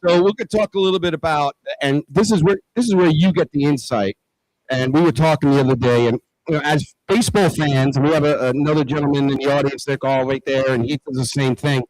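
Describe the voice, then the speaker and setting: A man's voice: fairly high pitch, a little fast, darkish tone, no echo, low-quality recording. Enthusiastic man hosting a talk show. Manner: enthusiastic, reads sponsor thanks, filler-heavy. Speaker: show host. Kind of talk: casual chat.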